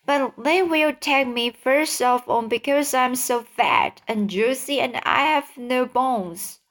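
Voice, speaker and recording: A woman's voice: high voice, slow, a bit bright, full character voice. A woman doing a wailing fearful earthworm. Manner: wailing, self-pitying. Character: fat fearful male earthworm.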